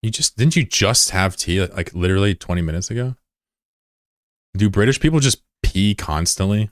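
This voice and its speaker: A deep-voiced game streamer rambles curiously to viewers as he plays, leaning on "like" and tossing in the odd curse. He speaks at a moderate pace with lively intonation. The audio is close and dry, without echo or any sense of room.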